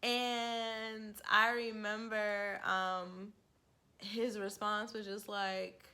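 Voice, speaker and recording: A woman in her forties spins a personal story straight to camera in a casual, candid way. Her voice is bright and clear, and she laughs easily, jumping into lively quoted dialogue. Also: mid-range voice, extremely slow. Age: 40s. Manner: candid, laughing, animated quoting. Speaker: vlogger.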